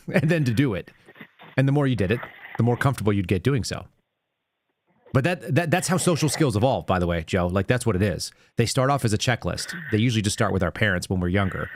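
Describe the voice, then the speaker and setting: A man's voice: lowish voice, no room sound. A man hosting a call-in show, giving earnest advice in casual chat and walking through examples step by step.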